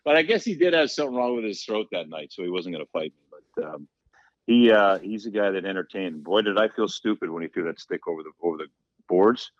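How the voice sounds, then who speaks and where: Low-voiced man telling animated stories. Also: fast talker, no room sound, highs cut off. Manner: animated storyteller, acts out quotes. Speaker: podcast guest, former hockey player. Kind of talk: casual storytelling.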